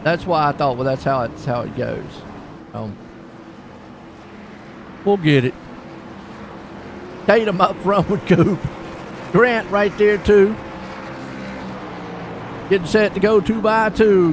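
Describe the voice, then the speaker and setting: A man's voice: sits high, measured pace, pauses often, noisy background. A man doing laid-back play-by-play commentary for an online sim race, chatty and chuckling between calls.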